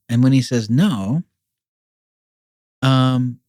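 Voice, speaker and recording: Male guest with a warm, relaxed voice and a dry sound; talks loosely, with stops and restarts. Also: mid-range voice, unhurried, no echo. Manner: rambling, with many fillers and repeated restarts. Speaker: podcast guest. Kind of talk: casual explanatory conversation.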